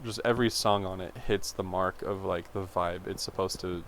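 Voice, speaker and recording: A young man with a fairly low voice tells a meandering childhood story in a chatty, self-interrupting way, filling it with "like" and side tangents. Faint room ambience sits behind him. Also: steady tone, normal speed, background noise. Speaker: vlogger. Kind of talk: rambling personal storytelling.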